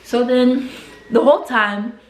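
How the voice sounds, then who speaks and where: A woman's voice: fairly high pitch, fairly even intonation. Woman in a roomy, echoey room, retelling a story. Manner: tags nearly every sentence with "right?"; stumbles and repeats words as she rushes on. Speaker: vlogger retelling a film plot. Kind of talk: casual spoken retelling. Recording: roomy echo.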